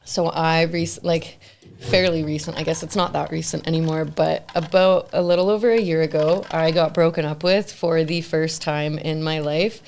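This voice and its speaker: A woman's voice: sits low, normal speed, slight background noise. A woman hosting a podcast, telling personal stories in casual chat and laughing often as she talks. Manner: laughing, animated storyteller. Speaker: podcast host.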